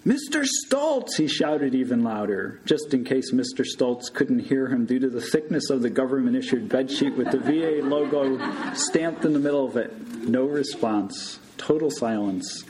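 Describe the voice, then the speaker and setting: A man, a surgical resident, telling a true story live to an audience in an unhurried manner. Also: mid-range voice, a little mellow, slight background noise, rough recording.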